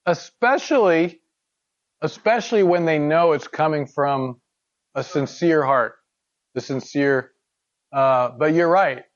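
A man's voice: on the high side, takes it slowly, long pauses, lo-fi sound. A man leading a casual Bible study discussion, talking in a thoughtful, conversational way with frequent fillers and restarts.

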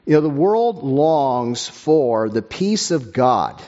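A man preaching a sermon and reading a story aloud in a measured, earnest way, with a few slips and fillers. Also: mid-range voice, big pitch swings, dark tone, highs cut off.

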